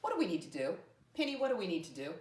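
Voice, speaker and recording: A woman teaching young children a math lesson, talking slowly, spelling words out letter by letter, and making playful jumps in pitch. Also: big pitch swings, a little mellow, recorded from a distance. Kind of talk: early-grade math lesson. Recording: roomy sound from off-mic.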